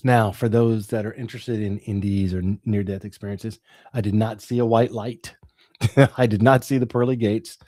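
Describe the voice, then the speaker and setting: A man's voice: medium pitch, warm tone, no echo, clean studio sound. A middle-aged man, an interview guest, telling a dramatic personal story with the odd laugh.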